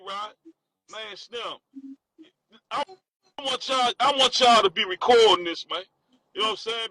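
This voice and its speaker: A man's voice: sits high, rough recording. A man from Washington, D.C., with a D.C. accent that has a Southern, country tinge. He hosts a candid conversation and rambles, with constant fillers. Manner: rambling, with constant "you know what I'm saying" fillers.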